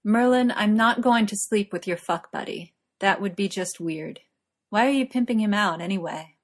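A woman's voice: medium pitch, normal speed, close to an everyday voice. A woman reading the part of a prickly, jealous young businessman who answers curtly and defensively. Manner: defensive, curt.

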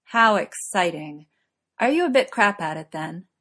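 A woman's voice: lowish voice, expressive, measured pace, fairly bright tone. Woman doing a cocky, teasing young man. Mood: mocking. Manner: teasing, boastful.

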